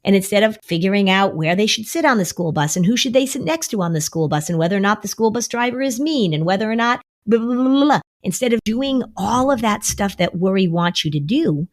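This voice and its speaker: Middle-aged female therapist, podcast co-host, animated teacher who acts out quotes. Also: medium pitch, a little fast, few pauses. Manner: animated, acts out quoted voices of worry and kids. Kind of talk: podcast conversation.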